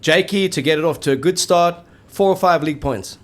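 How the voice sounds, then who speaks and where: A man's voice: a little high, fairly quick. A man co-hosting a rugby show, chatting casually and wryly and tagging his sentences with "eh". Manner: chatty, tags sentences with "eh", wry. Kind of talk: casual sports chat.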